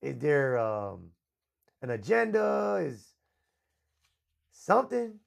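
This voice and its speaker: A man with a rather high, sing-song, creaky voice speaks slowly. Hosting a livestream talk show, he delivers a loud, foul-mouthed, boastful rant.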